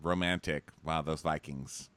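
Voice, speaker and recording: A man's voice: a bass voice, steady tone, unhurried, a bit bright, clear, resonant tone, no echo. A man co-hosting a casual recap chat, sarcastic, acting out quotes in mocking voices. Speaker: podcast co-host.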